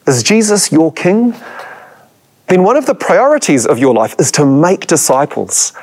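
A man preaching a sermon, his voice pitched a little high and swinging widely up and down. He builds his points with dramatic emphasis and puts questions straight to his listeners. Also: lively intonation, moderate pace, darkish tone. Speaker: preacher and church history lecturer.

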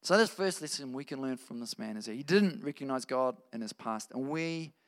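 A man preaching a sermon, earnest, moving between emphatic lines and hushed ones. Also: medium pitch, lively intonation, fairly quick. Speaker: pastor.

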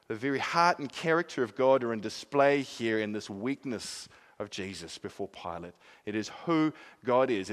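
A man preaching a sermon in an earnest way, swinging from emphatic peaks to quiet, soft passages. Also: mid-range voice.

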